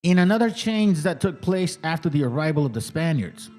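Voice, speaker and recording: A man's voice: on the high side, sing-song, brisk, darkish tone, faint music behind. A man hosting a commentary stream, reacting to a clip in a profane, combative way and addressing viewers as fam. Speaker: host.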